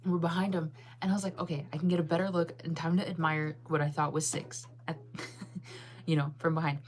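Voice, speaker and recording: A young woman telling a story in a casual, animated way, acting out her own reactions in a higher voice and laughing often. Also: brisk, a little hiss or hum. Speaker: channel host.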